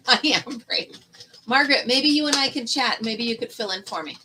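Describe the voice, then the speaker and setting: A woman's voice: on the high side, lively intonation, moderate pace, background noise. A middle-aged woman hosting a casual live chat stream, telling stories in a chatty way and laughing often.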